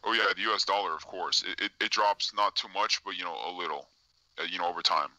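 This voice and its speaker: A young man with a very low voice answers questions haltingly, full of fillers and restarts. His tone is bright and forward. The sound is dry and close. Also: no echo, low-quality recording. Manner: hesitant, halting, many fillers and repeats. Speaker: guest claiming to be a time traveler. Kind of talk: casual live-stream interview.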